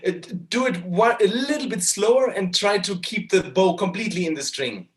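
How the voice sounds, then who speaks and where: A man's voice: sits high, normal speed. A man teaching a cello masterclass, hesitant and often restarting, singing phrases to show them. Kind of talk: masterclass coaching. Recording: cello music playing behind.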